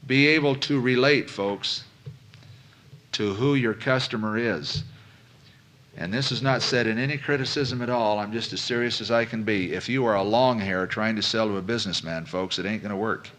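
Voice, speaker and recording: A man's voice: fairly low pitch, normal speed, fairly bright tone. A man giving a business seminar lecture to a live audience, folksy and conversational, asking questions and repeating phrases for emphasis. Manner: folksy, addresses listeners as folks.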